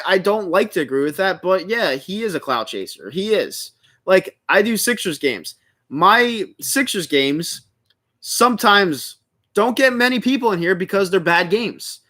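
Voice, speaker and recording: A man doing live play-by-play from his own stream, with a pitch that leaps up and down as he gets worked up. He swears freely and rants hotly, then drops back into plain game calls. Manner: heated, profane ranting; animated, swinging between calm calls and loud outbursts. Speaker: livestream play-by-play commentator. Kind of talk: live play-by-play with ranting reaction.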